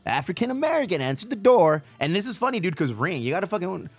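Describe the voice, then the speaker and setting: A man's voice: high voice, sing-song, quick pace, breathy edge, no room sound, soft background music. Profane, slangy podcast host, man. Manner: profane, slangy and rambling, calls people dog and bro. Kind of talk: casual podcast chat.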